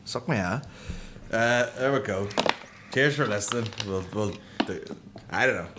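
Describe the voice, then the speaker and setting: A man on a casual comedy podcast, throwing out crude jokes and wisecracks. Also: lowish voice. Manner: joking, crude, quick with wisecracks. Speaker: podcast co-host. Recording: noisy recording.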